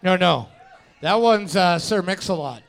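A man's voice: high voice, unhurried, creaky. A man co-hosting a trivia podcast, chiming in with dry, blunt comments. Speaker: co-host. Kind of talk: casual podcast banter.

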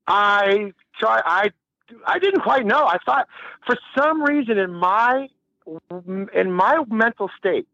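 A man's voice: high voice, bright, forceful tone, dry recording, lo-fi sound. A man telling a long, rambling story in a casual interview, laughing and swearing freely. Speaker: musician guest.

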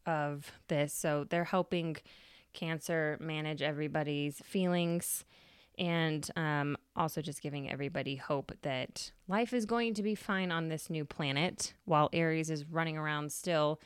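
A woman's voice: sits low, a little slow, clear, resonant tone, dry recording, studio quality. A woman hosting a podcast, telling a story in a chatty, casual way with free swearing. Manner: chatty, swears freely, laughs. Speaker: podcast host.

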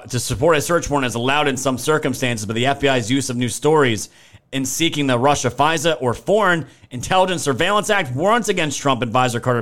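A man's voice: medium pitch, fairly bright tone. A young man hosting a political livestream, talking indignantly and emphatically, swearing and thanking viewers by name from the chat. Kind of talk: livestream commentary reading chat.

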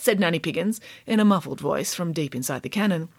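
Lively woman reading a children's storybook. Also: lowish voice, a little fast, few pauses, no room sound, clean studio sound. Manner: wry, playful asides to listeners. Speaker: narrator. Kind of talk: storybook read-aloud.

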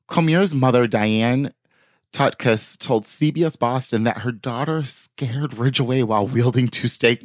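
A man's voice: mid-range voice, no echo, studio quality. Man casually reading crime news. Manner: reads articles aloud with offhand asides. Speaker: podcast host. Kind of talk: casual podcast chat reading news stories.

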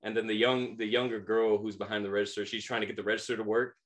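A man's voice: lowish voice, fast. A man in his thirties co-hosting a podcast, telling a story casually, laughing often and acting out the people in it. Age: 30s. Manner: animated, laughs often, acts out quoted voices. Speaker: podcast co-host.

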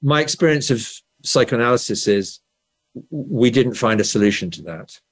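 A man's voice: medium pitch, animated, normal speed. A man from England with a standard Southern English accent, an author being interviewed, explaining ideas and checking in with "right?" as he goes. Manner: explanatory, frequent "right?" tags and restarts. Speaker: author and guest. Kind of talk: conversational interview.

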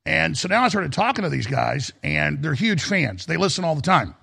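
A man's voice: on the high side, lively intonation, a little fast, hardly any pauses, a bit bright. A middle-aged man hosting a talk radio show, telling rambling stories in an emphatic manner. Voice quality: gravelly, raspy.

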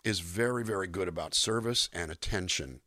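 An older man, a singer-songwriter, talking in a relaxed interview and acting out voices and melodies as he explains. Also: deep voice, normal speed, no echo, clean studio sound. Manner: animated, demonstrates voices and melodies mid-sentence. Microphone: USB microphone.

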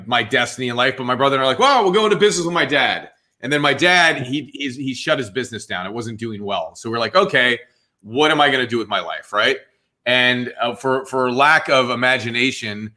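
Jersey guy in his 40s, bright forceful voice, acts out the dialogue, dude this man that. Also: mid-range voice. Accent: New Jersey. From New Jersey. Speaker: interview guest. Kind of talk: casual storytelling.

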